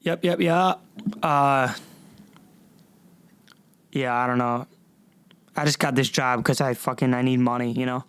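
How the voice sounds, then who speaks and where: A man's voice: mid-range voice, fairly even intonation, unhurried, long pauses, a bit bright, clear, resonant tone, no room sound. A young man hosting a solo comedy podcast, rambling and swearing with stammering restarts. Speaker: podcast host.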